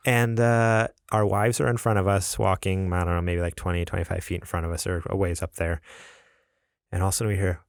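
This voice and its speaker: Gravelly low-voiced young man, rambling. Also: level tone, a little fast, no room sound, studio quality. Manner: rambling, laughs often. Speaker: podcast co-host. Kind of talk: casual chat, storytelling.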